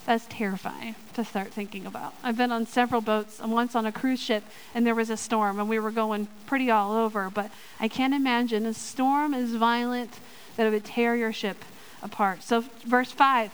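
A woman giving a sermon and reading a Bible story aloud, lively and playful with joking asides. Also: sits high, clear, resonant tone, rough recording. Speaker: church speaker in children's ministry.

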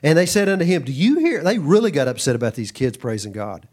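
Preaching quickly in a slightly high voice, this middle-aged man from Texas keeps his sermon energetic. Asides pop up often, and he acts out quoted voices as he goes.

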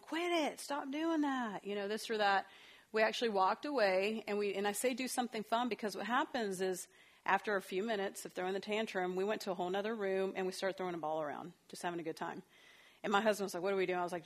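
A woman counselor giving a talk on parenting, telling stories from her own family in a chatty way and acting out the dialogue. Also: mid-range voice. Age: adult parent of a young child.

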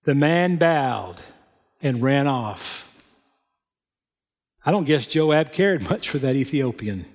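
A man's voice: mid-range voice, lively intonation. A man preaching a sermon, reading scripture and adding plain, folksy comments. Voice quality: unhurried, plain spoken storytelling with folksy asides. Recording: long hall reverb.

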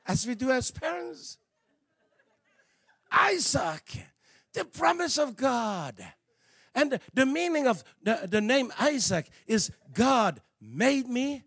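Preacher, male; high and gravelly voice, dry close sound, swings from hushed asides to shouts. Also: big pitch swings, measured pace, dry recording. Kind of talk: sermon.

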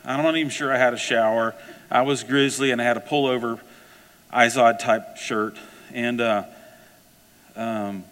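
A man preaching to his congregation, spinning a personal story with lively, conversational energy. His voice sits at an ordinary middle pitch and carries the long echo of a large hall. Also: normal speed, pauses often. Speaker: pastor. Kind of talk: sermon.

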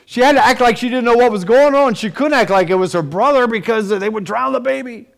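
A man preaching a sermon, retelling a scripture story with dramatic, animated storytelling. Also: very high-pitched, fairly quick, vocal fry, few pauses. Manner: dramatic, storytelling, with rising and falling intensity. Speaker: pastor.

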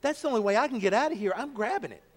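A blunt, practical ordinary man, as a preacher puts him on, with a high-pitched male voice. He talks in a no-nonsense way. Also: lively intonation, racing, in a large hall. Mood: determined.

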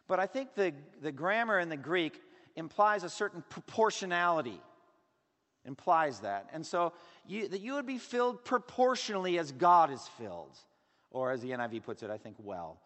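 Earnest pastor preaching in a reverberant hall. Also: male voice, on the high side, sing-song, normal speed. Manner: earnest, emphatic preaching with a wide range of loudness. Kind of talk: sermon. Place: church sanctuary.

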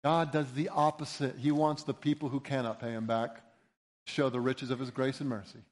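A man's voice: mid-range voice, little pitch movement, normal speed. A man preaching a sermon in an earnest, emphatic way, building to rising appeals. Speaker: pastor.

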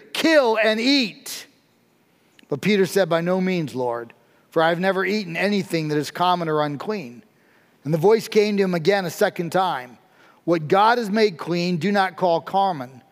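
A man with a notably high voice delivers a sermon as a pastor. He preaches emphatically and drives his points home with dramatic repetition. His voice rings out with the long reverb of a large church hall.

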